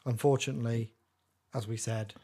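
A man's voice: mid-range voice, steady tone, a little fast, mellow, slightly rough. A man co-hosting a comedy podcast, dry and mock-serious. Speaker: podcast host. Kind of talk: casual comedy chat.

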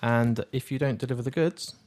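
A man's voice: mid-range voice, a little fast, a little mellow. A man co-hosting a podcast, teasing in a mock-grumpy way. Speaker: podcast co-host. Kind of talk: casual podcast chat.

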